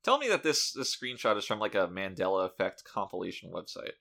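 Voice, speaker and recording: A man's voice: low voice, sing-song, a little fast, gravelly, pushed and bright. A man co-hosting a podcast in casual chat, talking with dry, sarcastic humor. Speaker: podcast co-host.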